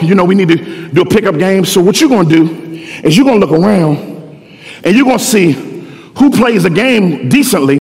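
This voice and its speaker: A middle-aged man preaching a sermon in a slangy, animated way, often repeating words. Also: high voice. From Philadelphia. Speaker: pastor. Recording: echoey hall.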